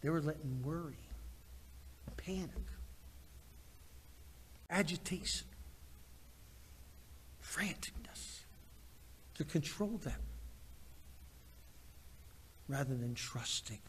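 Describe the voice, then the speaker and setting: High-voiced preaching man in an echoing hall. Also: slow, pauses often, slight background noise. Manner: animated preaching, swings from loud to hushed. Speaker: pastor. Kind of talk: sermon.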